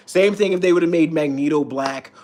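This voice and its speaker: A man's voice: a little high, moderate pace, darkish tone. A man streaming, ranting in a loose, profane way with frequent restarts. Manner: profane, rambling, restarts often. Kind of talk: casual rant.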